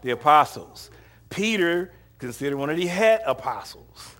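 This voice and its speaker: Male preacher, slightly high voice, animated and jokey, conversational sermon delivery with laughs and acted-out lines. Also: normal speed. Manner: humorous, conversational retelling of scripture with frequent laughs; animated, acts out short quoted lines.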